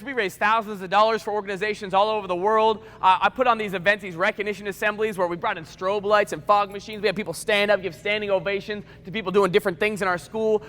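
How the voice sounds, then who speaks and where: A man in his twenties gives a school assembly keynote, telling personal stories in a lively, chatty way with playful asides. His voice is high and bright. A long echo from the large hall trails behind every sentence. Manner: animated, conversational storytelling with comic asides. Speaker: motivational speaker. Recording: echoey school hall reverb.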